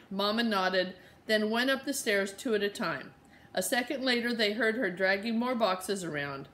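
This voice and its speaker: A woman's voice: medium pitch, unhurried. Woman reading a children's novel aloud. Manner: relaxed and conversational, with many fillers in the recap. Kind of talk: reading a chapter aloud after a spoken recap.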